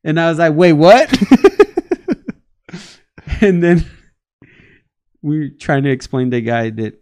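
Man from el salvador, young adult, lively storyteller, casual podcast chat. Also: a little high, a little slow, clear, resonant tone. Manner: animated storyteller, acts out quotes, laughs often. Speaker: podcast co-host.

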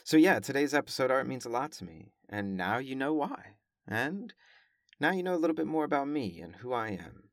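A man's voice: medium pitch, very animated, normal speed, no echo, studio quality. A man who is a professor and podcaster talks casually to listeners, carefully over-enunciating his words and often correcting himself. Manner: chatty, self-correcting, with frequent fillers. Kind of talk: casual monologue.

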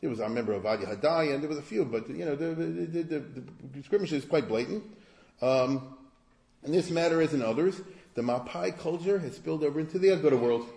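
A man's voice: fairly high pitch, fast talker, vocal fry, dark tone, roomy sound. A man giving an informal lecture in a conversational, digressive way, often asking the audience rhetorical questions. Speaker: history lecturer.

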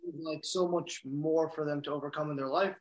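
A man who is a student in a Talmud class, reading the commentary aloud haltingly and then paraphrasing it. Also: a little high, steady tone, poor audio.

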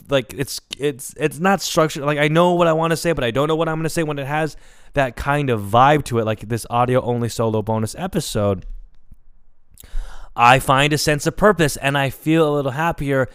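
A man's voice: mid-range voice, clean tone, no room sound, clean studio sound. A young man hosting a solo podcast, talking candidly in a rambling, reflective way and swearing casually. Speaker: podcast host.

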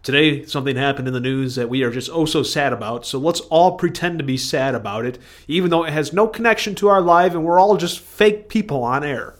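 Man sending up a sarcastic male news anchor, falsely sorrowful, slightly high voice. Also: fairly quick, hardly any pauses, lightly acted. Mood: mock solemn.

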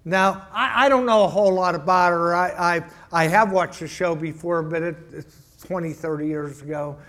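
A man's voice: sits high, moderate pace, a bit bright. A man preaching a sermon in a church, telling a joke and often repeating words as he restarts. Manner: stammering repetitions, storytelling. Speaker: pastor.

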